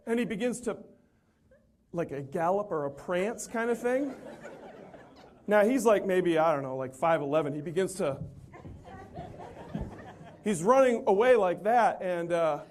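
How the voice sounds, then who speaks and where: Male motivational speaker, fairly high voice, animated, self-deprecating humor. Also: a little hiss or hum. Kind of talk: humorous storytelling talk.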